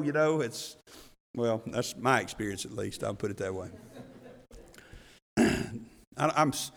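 A middle-aged man preaching a sermon as pastor, telling the story with animated voices. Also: fairly high pitch, long reverb tail.

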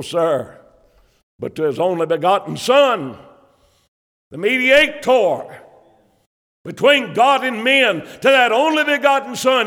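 Preacher, male, high pitch, fervent sermon delivery, church hall reverb. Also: fairly bright tone. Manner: fervent preaching with rising emphasis; Bible quotations in old King James wording.

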